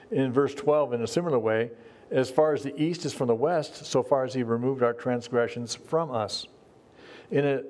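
A man's voice: mid-range voice, darkish tone. Earnest middle-aged male pastor preaching. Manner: earnest, conversational preaching with frequent restarts. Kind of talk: sermon.

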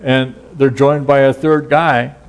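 A middle-aged man, a pastor, giving a relaxed, conversational sermon full of folksy stories and casual asides. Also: mid-range voice, slow, smooth.

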